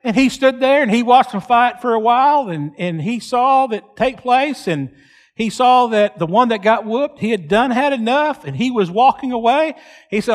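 A man preaching a storytelling sermon, slow and deliberate, repeating phrases for emphasis. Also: high-pitched, expressive, big-room sound.

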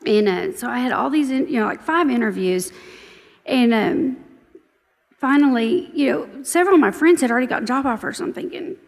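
A woman in her forties gives a chatty, grateful personal testimony at church, her fairly high voice carrying a gravelly edge. The long reverb of a church hall trails behind her words. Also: expressive, brisk. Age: 40s. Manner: chatty, storytelling, warmly grateful. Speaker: church member giving testimony.

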